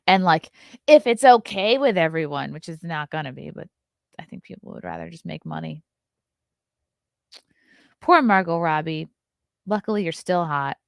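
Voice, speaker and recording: A woman's voice: low voice, lively intonation, moderate pace, vocal fry, long pauses, no echo, clean studio sound. A young adult woman hosting a casual morning talk show, reading news items aloud and breaking in with blunt, swearing asides. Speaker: podcast host.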